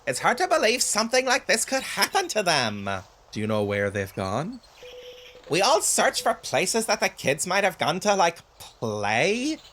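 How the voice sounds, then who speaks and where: A man's voice: high voice, huge pitch swings, a little slow, fairly bright tone, slight background noise, voice pushed up, heavily acted. A man putting on chattering mock-breezy fairies. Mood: flippant. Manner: mocking, breezy read of game dialogue. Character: chattering flock of gossiping fairies.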